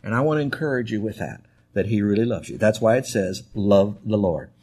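A man's voice: lowish voice, animated, fast talker, a little mellow, husky. A male pastor preaching a sermon in an emphatic, conversational storytelling manner.

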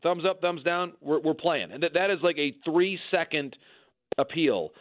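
Man on a thin phone line, measured. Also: fairly high pitch, no echo. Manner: measured, frequent restarts and repeated words. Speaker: baseball analyst guest. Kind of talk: conversational sports analysis.

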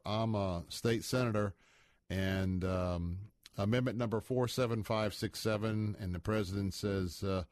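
A man's voice: on the low side, a little mellow, dry recording, clean studio sound. A middle-aged man hosting a talk radio show, rambling in a folksy manner with many filler sounds.

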